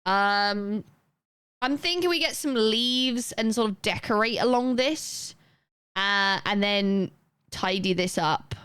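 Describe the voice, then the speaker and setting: A young woman chatting casually on a live gaming stream, rambling and self-deprecating with quick asides. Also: medium pitch, a bit bright, smooth, no echo. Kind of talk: casual chat while gaming.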